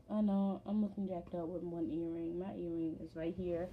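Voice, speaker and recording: A woman's voice: fairly low pitch, level tone, normal speed, few pauses, dull audio, noisy background. A woman telling a personal story in a casual vlog, rambling and full of fillers. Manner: rambling, filler-heavy retelling. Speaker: vlogger.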